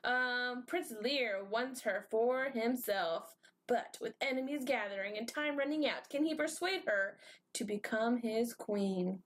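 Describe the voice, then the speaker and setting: A woman's voice: fairly high pitch, a little slow. A woman co-hosting a casual podcast chat, playfully reading book blurbs aloud and joking when she stumbles over names. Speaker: podcast co-host.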